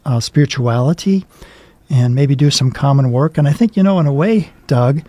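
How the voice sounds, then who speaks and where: A man co-hosting a religious talk show, speaking in a gentle, reflective way. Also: medium pitch, lively intonation, normal speed, no room sound.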